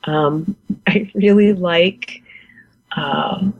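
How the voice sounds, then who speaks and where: A woman's voice: lowish voice, very slow, husky, no room sound, narrow, tinny audio. A woman in her forties from the United States, a guest beekeeper chatting in an interview, enthusiastic and laughing often. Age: 40s. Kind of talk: casual interview chat.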